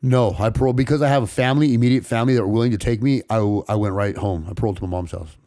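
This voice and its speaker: A man from California's San Fernando Valley, a podcast guest telling a personal story in rapid, profane street talk full of restarts. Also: medium pitch, warm tone, dry recording, studio quality. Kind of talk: casual storytelling interview.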